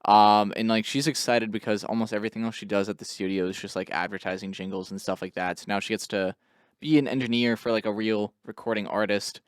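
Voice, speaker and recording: A man's voice: on the low side, flat delivery, quick pace, clear, resonant tone, no echo, studio quality. A man co-hosting a podcast in casual chat, laid-back and blunt, laughing often. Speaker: podcast co-host.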